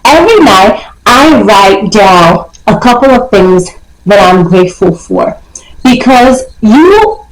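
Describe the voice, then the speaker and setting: A woman's voice: medium pitch, reverberant, poor audio. Emphatic young woman vlogging life advice. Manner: emphatic, repeats points, coaxing "okay?". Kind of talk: casual motivational talk to camera.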